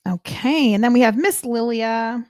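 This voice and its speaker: A woman hosting a live stream as a psychic reader, chatting casually and excitedly with her viewers. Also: on the high side, moderate pace, no echo, clean studio sound.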